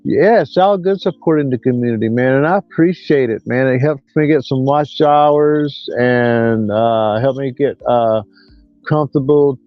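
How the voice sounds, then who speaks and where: A man's voice: mid-range voice, a little slow, no room sound, soft background music. Rambling older man, lo-fi. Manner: rambling, drawn out, folksy. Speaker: livestream host. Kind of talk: casual livestream chat. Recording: dull lo-fi dry sound.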